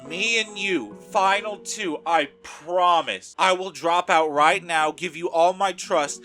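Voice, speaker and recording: A man voicing a scheming, gloomy girl contestant in a narrated game, pleading in a low voice. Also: slow, bright, forceful tone, soft background music, heavily acted.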